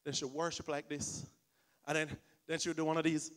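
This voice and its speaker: Animated, bright-voiced man preaching. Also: on the high side, a little fast. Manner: animated storytelling, acts out the people he describes. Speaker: pastor. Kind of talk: sermon.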